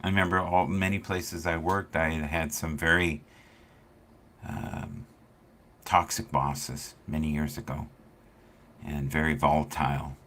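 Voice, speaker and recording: A man hosting a casual spiritual chat stream, telling stories and acting out quoted people with big swings in loudness. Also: rumbling low, steady tone, a little slow, pauses often. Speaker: livestream host.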